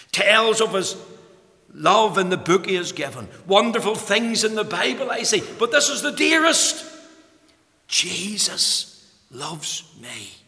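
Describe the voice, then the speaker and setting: Male preacher, bright forceful voice, fervent sermon delivery with stammered restarts, long church reverb. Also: fairly high pitch. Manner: fervent, rising to emphatic peaks on scripture quotes; repeats words when starting phrases.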